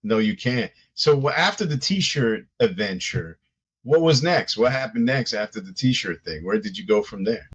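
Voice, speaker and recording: A male host reacts excitably to his guest's stories in a casual interview. His husky voice swings widely in pitch. The recording sounds dull and lo-fi. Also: moderate pace. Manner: excitable reactions, frequent laughter.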